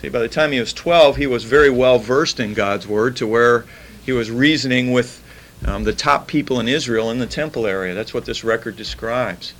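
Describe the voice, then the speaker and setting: Male preacher, mid-pitched, plain conversational delivery, slows for scripture readings. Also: a bit bright, poor audio. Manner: conversational, reads scripture slowly, repeats key words. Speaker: bible teacher. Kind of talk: informal sermon.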